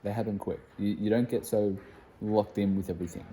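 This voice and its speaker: A young man, a fitness coach, chatting casually to camera in a relaxed, rambling way with plenty of fillers. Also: lowish voice, fairly quick, slight background noise. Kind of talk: casual vlog talk to camera.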